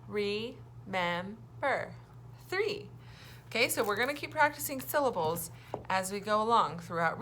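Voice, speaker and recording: A young woman teaching a phonics lesson to young children, talking in a cheerful, self-deprecating way and stretching out words slowly for them to repeat. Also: mid-range voice, a bit bright, a little hiss or hum.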